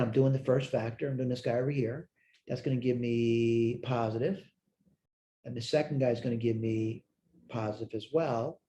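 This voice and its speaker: This math instructor sounds tired, his medium-pitched voice warm, with slight background noise on the recording. Teaching a recorded lecture, he reasons aloud through problems, correcting himself and responding to his own questions.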